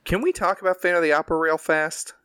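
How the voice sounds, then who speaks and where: A man's voice: on the high side, fast talker, sharp tone, clear, resonant tone, no room sound. A man co-hosting a podcast in casual chat, rambling and joking at his own expense. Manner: rambling, self-deprecating, joking. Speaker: podcast co-host.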